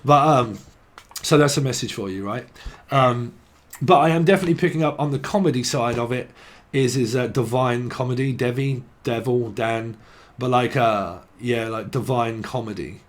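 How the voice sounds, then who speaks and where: A man's voice: mid-range voice, moderate pace. A man giving a casual tarot reading, rambling and jokey, swearing now and then and riffing on word associations. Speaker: tarot reader.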